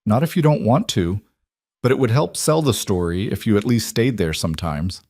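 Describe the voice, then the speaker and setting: A terse, blunt rancher with a low voice, read by a man. He speaks plainly and dryly, without flourish, in a dead-dry close sound. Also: moderate pace, a little mellow, no echo.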